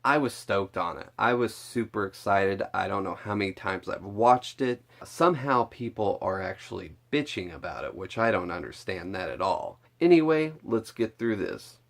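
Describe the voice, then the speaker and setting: A man with a fairly low voice talks straight to camera in a loose, chatty vlog. He rambles excitedly, swears freely and scatters filler words through his sentences. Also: normal speed, vocal fry, hardly any pauses. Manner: excitable, rambling and profane, with lots of "like". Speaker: vlogger reviewing a film trailer. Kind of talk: casual chat to camera.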